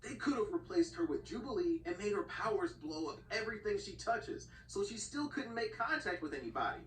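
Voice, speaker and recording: A woman argues her points in comedic review banter, dry and pointed. Her pitch moves expressively. She sounds far away in a roomy space with faint noise. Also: very animated, brisk. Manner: dry, argumentative comebacks. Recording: roomy, distant playback through speakers.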